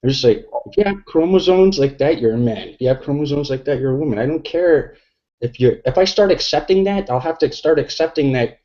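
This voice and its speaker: A middle-aged man, a few beers in, rambles crudely through a casual podcast chat, leaning on fillers. His voice is dark and mellow. The sound is dull and lo-fi, like an online call. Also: fairly high pitch, animated, brisk. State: tipsy from drinking beer. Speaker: podcast guest.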